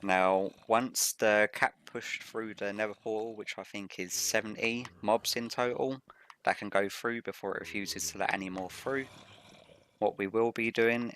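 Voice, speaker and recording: Low, flat-voiced man with morning voice. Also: a little hiss or hum. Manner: methodical, explains each step as he plays. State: rough morning voice. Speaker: Let's Play host. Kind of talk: gameplay commentary.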